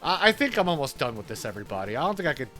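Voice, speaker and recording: A man's voice: medium pitch, very animated, racing, fairly bright tone, faint music behind. A man from New York with an Italian-American New York accent, chatting casually and laughing while streaming a game. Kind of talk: casual chat while gaming.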